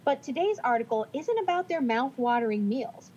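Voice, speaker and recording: A woman's voice: high voice, expressive, moderate pace, darkish tone, lo-fi sound, slight background noise. A woman co-hosting a casual podcast, reading from notes in a chatty, self-deprecating way. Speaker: podcast co-host.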